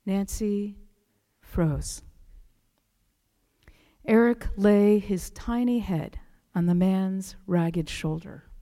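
Woman, preacher, sermon, hushed storytelling, slips into whispers, unhurried, warm mellow tone. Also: mid-range voice, in a large hall. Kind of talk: sermon with read-aloud story.

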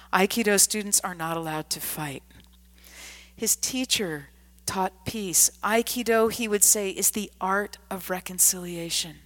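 Slow, hushed woman storyteller. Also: on the low side. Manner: hushed, often dropping to a whisper. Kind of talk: scripted story narration.

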